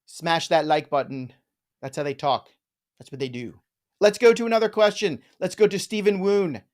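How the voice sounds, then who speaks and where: A man's voice: high-pitched, big pitch swings, fairly quick, a little mellow. A man hosting a live fantasy football show, joking around and riffing on names in casual chat. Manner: playful, jokey, riffs on names.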